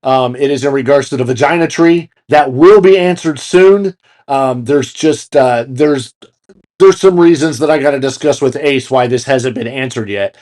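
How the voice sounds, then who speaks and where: A man's voice: mid-range voice, moderate pace, darkish tone. A man co-hosting a casual podcast, joking around and swearing casually as he wraps up the episode. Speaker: podcast co-host. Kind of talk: casual chat.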